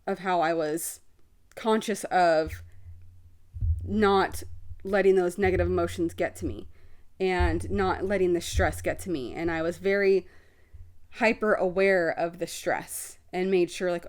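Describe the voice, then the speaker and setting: A woman's voice: fairly low pitch, steady tone, a little slow. A woman hosting her own podcast, talking candidly and expressively about her life, with casual swearing. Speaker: podcast host. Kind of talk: candid personal podcast talk. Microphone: video podcast setup.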